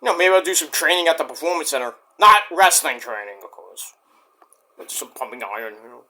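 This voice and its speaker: Lively, bright-voiced male wrestling vlogger. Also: on the high side, a little fast. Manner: animated, rambling, jumps into sudden shouts. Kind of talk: casual ranting review.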